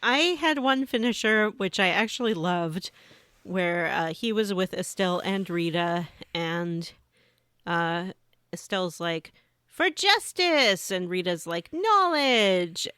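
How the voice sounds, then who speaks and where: A woman's voice: lowish voice, steady tone, measured pace, fairly bright tone, clean tone, no room sound, clean studio sound. A woman co-hosting a podcast, recapping a video game story in a playful way with plenty of hesitant fillers. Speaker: podcast co-host.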